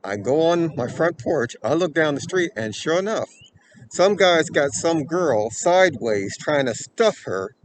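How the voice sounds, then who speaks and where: A man hosting a self-defense channel, telling a personal story in an earnest way and growing animated, often checking in with "okay" and "right". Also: a little high, measured pace, a little hiss or hum. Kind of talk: storytelling to camera.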